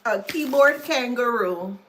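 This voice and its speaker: A woman's voice: on the high side, expressive, slow pace, noisy background. A woman commentator in a casual monologue, blunt and scornful, who spells out words letter by letter. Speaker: online commentator.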